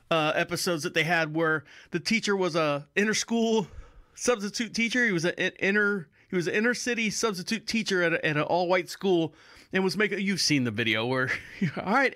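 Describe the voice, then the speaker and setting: A man's voice: high-pitched, sharp tone, dry recording, studio quality. A man hosting a podcast in a casual, rambling monologue, repeating himself and chuckling. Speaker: podcast host.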